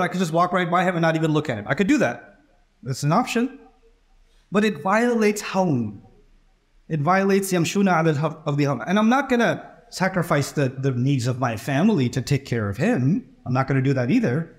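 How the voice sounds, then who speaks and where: A man's voice: a little high, big pitch swings, a little fast. A middle-aged man giving a conversational sermon in a mosque, often acting out quoted dialogue. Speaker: preacher giving a Friday sermon.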